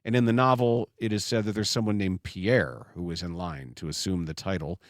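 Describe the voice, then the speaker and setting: A man's voice: low voice, a little fast, dry recording, studio quality. A man hosting a casual podcast chat, talking with lots of animation and slipping into pirate voices now and then. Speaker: sports radio host.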